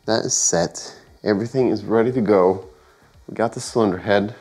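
A man's voice: lowish voice, moderate pace, darkish tone, slightly rough. A man sounding sick, casually narrating his engine work in a garage and thinking aloud with hesitant fillers and self-corrections. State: sick, voice affected by illness. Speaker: home mechanic and channel host. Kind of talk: casual workshop narration while working. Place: home garage workshop.

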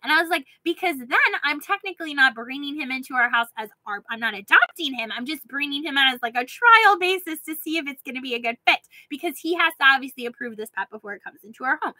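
A woman with a high, bright voice tells a rambling personal story straight to camera. She talks in a chatty, filler-heavy way and keeps breaking into laughter. The close mic gives a dry sound. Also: lively intonation, fast, hardly any pauses, dry recording, poor audio. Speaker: vlogger. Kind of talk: casual storytelling rant.

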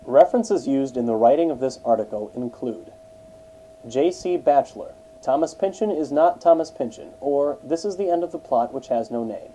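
A man reading an encyclopedia article aloud in a measured, even way. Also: mid-range voice, a little hiss or hum, poor audio. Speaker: narrator.

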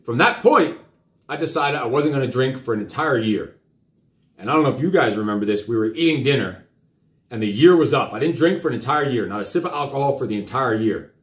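Speaking a little fast in an animated, mid-range voice, this live-show host and father tells his kids a story. His style is rambling and profane, packed with fillers, and there's a roomy echo.

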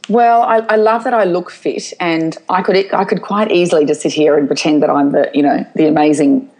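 A woman's voice: deep voice, steady tone, fairly quick, darkish tone, poor audio. A middle-aged woman, a guest speaker, answering interview questions candidly and telling stories with frequent restarts. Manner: open, storytelling, restarts her sentences.

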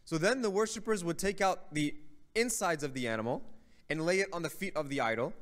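A man's voice: a little high, animated, fairly quick. A man giving a religious lecture, telling a story in a conversational way and often checking in with the audience. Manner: conversational storytelling with frequent "right?". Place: mosque hall.

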